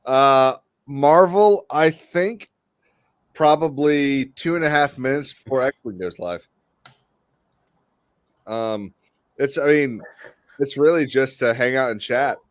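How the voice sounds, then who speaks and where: A man's voice: medium pitch, slow pace, pauses often, clear, resonant tone, no room sound. A man hosting a casual stream hangout, chatting loosely with lots of fillers and rambling stories. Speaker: stream host. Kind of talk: casual chat.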